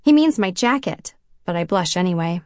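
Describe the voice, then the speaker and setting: A woman's voice: lowish voice, expressive, moderate pace, a little mellow, no echo, clean studio sound. A woman reading a novel in first person, with a self-conscious, wry inner voice. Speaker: audiobook narrator. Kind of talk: first-person audiobook narration.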